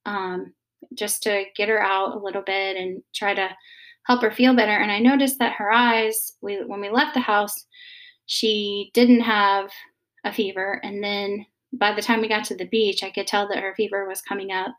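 A woman, in her thirties, talking casually and gently about parenting, with many pauses and fillers. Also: mid-range voice, little pitch movement. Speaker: mother giving parenting advice. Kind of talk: casual advice talk.

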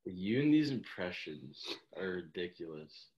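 A man's voice: low-pitched, sing-song, unhurried, highs cut off. A man co-hosting a casual podcast, answering quiz questions with good-humored banter.

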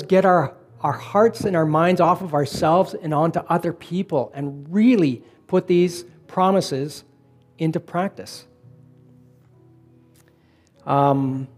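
A middle-aged man preaching a conversational sermon, telling personal stories in a relaxed way and slowing down to stress points. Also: fairly high pitch. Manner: relaxed storytelling, slowing for emphasis. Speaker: pastor.

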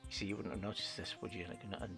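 A man's voice: sits low, steady tone, racing, creaky, pushed and bright, faint music behind. A man co-hosting a podcast, chatting casually and boasting playfully about his fandom. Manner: playful, boasting fan banter. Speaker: podcast co-host. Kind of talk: casual chat.

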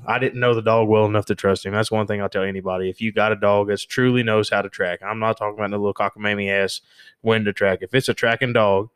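A man's voice: lowish voice, smooth, no echo, clean studio sound. A man hosting a podcast, telling a joking, laid-back story about his dog. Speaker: podcast host. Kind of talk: casual storytelling.

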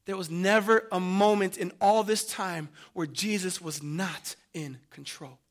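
A man preaching a sermon, dramatic, swinging from loud emphasis to hushed tones and calling his listeners family. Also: sits high, steady tone, a little slow.

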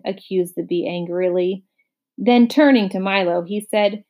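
A woman reading a children's novel aloud, in a steady, clear storytelling manner. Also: on the low side, a little slow. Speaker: storybook reader.

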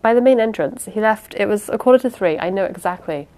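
A woman's voice: mid-range voice, pitched above the performer's own voice, close to an everyday voice. A woman reading the part of a young woman who speaks evenly but halts and restarts under strain. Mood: firm. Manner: even, halting with small restarts.

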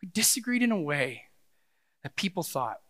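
A middle-aged man preaching a sermon as pastor, animated and swinging between loud passages and hushed ones. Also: sits high, normal speed.

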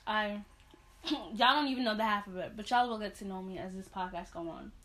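A woman's voice: mid-range voice, brisk, bright, forceful tone. A woman from Haiti, co-hosting a podcast in casual chat, laughing often and talking while eating. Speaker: podcast co-host.

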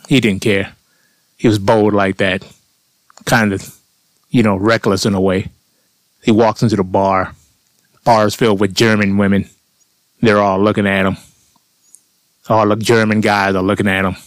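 Deep-ish male storyteller, dry close recording, blunt, profane, street-casual monologue. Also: dry recording. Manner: blunt, profane, conversational with "man" tags. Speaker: storyteller vlogger.

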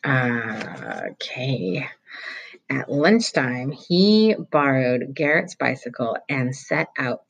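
Husky-voiced teacher reading a novel aloud. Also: mid-range voice, poor audio. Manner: steady storytelling read-aloud.

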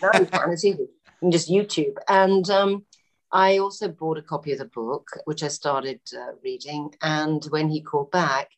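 A middle-aged actress appears as a guest, telling an anecdote in a deep voice at a moderate pace. She's animated, uses many fillers, and acts out the voices of the people she quotes in this casual storytelling chat.

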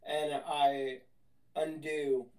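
A player in a tabletop game who describes actions haltingly, with many restarts. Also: medium pitch, level tone, dark tone, distant mic. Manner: halting, hesitant.

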